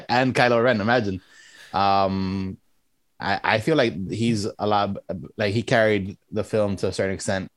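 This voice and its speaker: A man's voice: lowish voice, a little slow, no echo. A man co-hosting a casual movie review podcast, talking hesitantly with many restarts. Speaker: podcast co-host.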